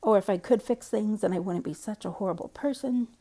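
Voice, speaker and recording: Mellow-voiced woman telling a story. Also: medium pitch, a little fast. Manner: candid, rambling, conversational. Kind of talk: casual storytime monologue.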